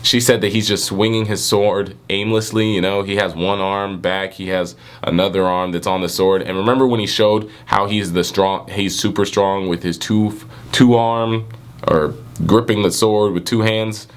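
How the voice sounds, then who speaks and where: Man, raspy, low voice, casual rambling review vlog, lots of restarts. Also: steady tone, moderate pace. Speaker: manga reviewer.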